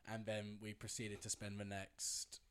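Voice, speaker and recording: Deep-voiced man telling a story. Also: monotone, unhurried, fairly bright tone, clear, resonant tone. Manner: rambling, laughing, lots of fillers. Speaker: storyteller guest. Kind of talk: casual anecdote.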